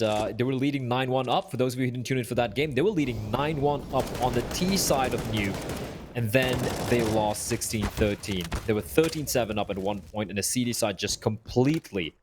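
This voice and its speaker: Man, esports commentator, headset mic, excitable play-by-play, faint noise, gunfire behind. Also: mid-range voice. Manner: excitable, rising fast during big plays. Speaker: esports caster.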